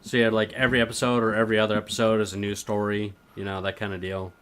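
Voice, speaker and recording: A man's voice: on the low side, level tone, very fast, a bit bright, smooth. A man co-hosting a casual podcast, talking in a laid-back, agreeable way with sarcastic asides. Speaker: podcast co-host. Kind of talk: casual chat.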